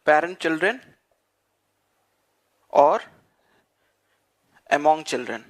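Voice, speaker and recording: A man teaching a class, dictating notes and repeating phrases slowly so students can write them down. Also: on the high side, lively intonation. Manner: frequent fillers like "what you call" and "okay". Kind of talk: dictated lecture.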